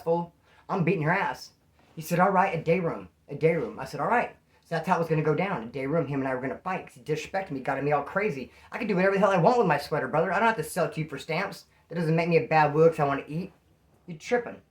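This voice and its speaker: In a fairly high-pitched voice, a former prisoner tells a casual first-person story, rambling in slang and acting out the dialogue he quotes.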